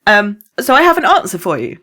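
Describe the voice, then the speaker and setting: A woman co-hosting a podcast, explaining things in an animated way and laughing often. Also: medium pitch, a little fast. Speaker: podcast co-host. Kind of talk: casual podcast chat.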